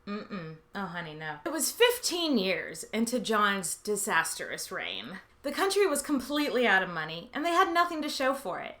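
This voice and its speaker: Bright, lively sarcastic woman host. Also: medium pitch. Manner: sarcastic, swearing, dramatic asides and silly quoted voices. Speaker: podcast host. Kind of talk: scripted comedic history monologue.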